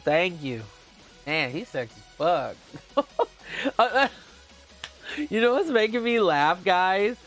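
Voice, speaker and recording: A man's voice: fairly high pitch, fairly bright tone. A man chatting casually to viewers on a live stream, gushing and giggly, often calling out to them as guys. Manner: giggly, with playful exclamations. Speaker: book vlogger.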